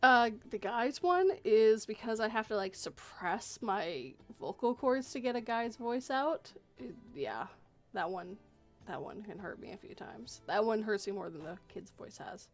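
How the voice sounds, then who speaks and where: Woman host, horror story reader, casual chatter, middle pitch, laughs often. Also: lively intonation, a little slow, faint music behind. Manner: clears throat often, laughs a lot while chatting. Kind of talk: reading a horror story, then casual chat.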